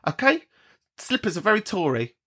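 A British man hosts a podcast in a loose, chatty way, swearing freely. His pitch swings widely as he slips into high mocking voices. The talk is animated and unscripted. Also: moderate pace. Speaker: podcast host. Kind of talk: casual chat.

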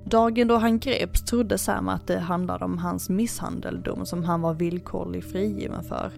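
A woman hosting a podcast, reading a true-crime narration in a calm, even manner. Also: on the low side, normal speed, creaky, soft background music. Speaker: podcast host.

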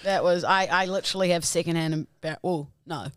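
A woman's voice: lowish voice, steady tone, brisk, a bit bright, no room sound, clean studio sound. Woman in laughing podcast banter. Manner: self-mocking, laughing banter. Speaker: podcast co-host. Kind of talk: casual chat.

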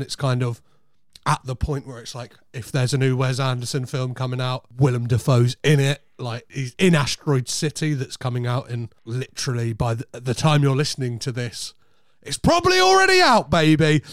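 A man's voice: medium pitch, darkish tone, no room sound, studio quality. A man co-hosting a film podcast in casual chat, talking enthusiastically and rambling with restarts. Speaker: podcast co-host.

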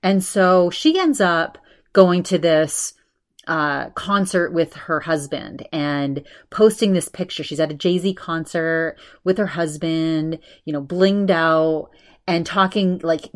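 A woman podcast host talking through an episode review in a loose, conversational way. Her voice sits a little low, and she circles back on her words with plenty of fillers and restarts. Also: unhurried. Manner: chatty, many restarts and fillers.

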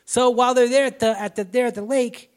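A man's voice: very high-pitched, steady tone, fairly quick, smooth. A man on a podcast, casually recapping a movie with crude jokes and acted-out lines. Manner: crude, laughing, acts out lines. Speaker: podcast co-host.

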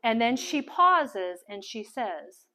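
A woman telling a personal testimony as a sermon, animated and full of stammered restarts. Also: a little high, takes it slowly. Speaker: speaker sharing testimony. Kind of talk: sermon storytelling.

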